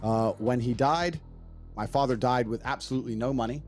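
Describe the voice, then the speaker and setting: A man's voice: mid-range voice, brisk, a little mellow, soft background music. A man telling stories about his family in an interview, blunt and brash and swearing freely. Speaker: interviewee in archived clips. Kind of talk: storytelling interview talk.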